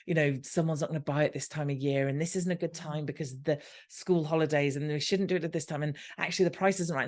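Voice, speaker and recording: A British woman, a podcast guest, telling a story in casual chat and acting out the dialogue as she goes. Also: low voice. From Britain. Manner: animated, acts out quoted dialogue.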